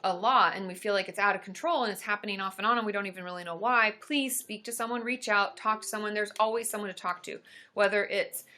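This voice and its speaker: A woman therapist hosting a casual live stream, chatting upbeat and answering viewer questions with lots of quick asides. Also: mid-range voice, fairly even intonation, pushed and bright.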